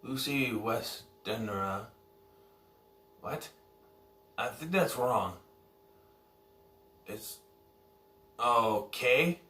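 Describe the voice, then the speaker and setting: A man casually reviewing a film, rambling and correcting himself as he goes. His voice is bright and forward. He sounds set back from the mic in an echoey room. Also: mid-range voice, lively intonation, very slow, long pauses, distant mic. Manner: rambling, self-correcting, unsure of details. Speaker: movie reviewer.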